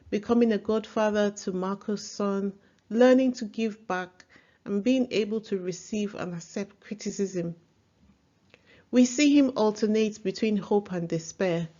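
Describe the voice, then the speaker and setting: A woman's voice: medium pitch, measured pace, dark tone, dull audio. A woman hosting a casual book review vlog, chatty and opinionated. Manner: chatty, opinionated, laughs easily.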